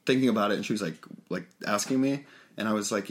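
A man's voice: lowish voice, racing. A man co-hosting a podcast in casual chat, rambling with lots of fillers and swearing. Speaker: podcast co-host.

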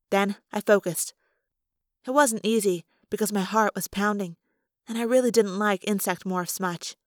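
Reading a first-person novel aloud chapter by chapter, a female audiobook narrator keeps her storytelling steady yet expressive. She speaks at a normal middle pitch, recorded close and dry without any room sound.

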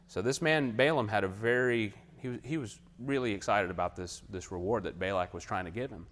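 A man preaching a sermon, retelling a Bible story and acting out the figures' lines with a raised, animated voice. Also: on the low side, moderate pace.

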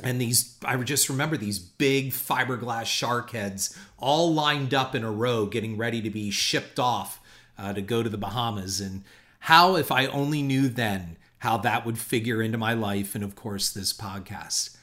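A man's voice: mid-range voice, moderate pace, a bit bright. A middle-aged man hosting a podcast, telling a long personal story in a reflective, rambling way with frequent restarts. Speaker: podcast host.

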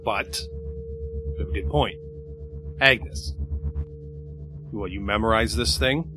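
Low-voiced man weighing options. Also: slow, noisy background. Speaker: player in a tabletop game. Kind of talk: casual chat in a tabletop game.

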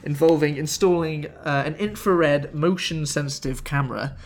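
A chatty podcast host, talking at an everyday middle pitch. The delivery is jokey and loose, full of laughs and little restarts as the story is read out. Everything is casual chat. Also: normal speed.

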